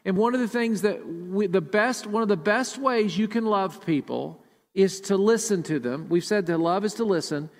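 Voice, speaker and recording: A man's voice: sits high, moderate pace, in a large hall. A male pastor delivering a sermon emphatically, often repeating words as he preaches. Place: church sanctuary.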